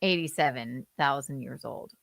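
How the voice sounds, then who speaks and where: A woman hosting a comedy podcast, teasing and joking in a playful, deadpan way. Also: a bass voice, normal speed, creaky, no echo. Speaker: podcast host. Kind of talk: comedic casual chat.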